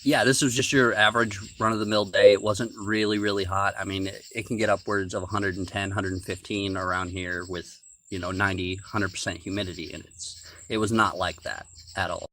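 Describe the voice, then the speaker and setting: A man's voice: lowish voice, steady tone, fairly quick, hardly any pauses, bright, forceful tone, dry recording. A man casually telling a long story from his own life on a podcast, rambling with fillers and restarts. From rural United States.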